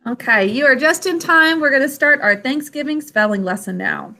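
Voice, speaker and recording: A woman's voice: high voice, lively intonation, sharp tone. A woman teacher on a video call, giving a classroom lesson and carefully sounding out words and their parts. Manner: slow, carefully enunciated phonics instruction.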